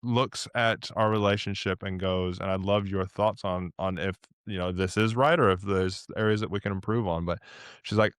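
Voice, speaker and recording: A podcast host conducts a casual interview, speaking earnestly and emotionally and sometimes getting teary. His voice is smooth and fairly even in intonation at a moderate pace, and in quoted asides he imitates himself in a much higher voice. The sound is studio quality with no echo.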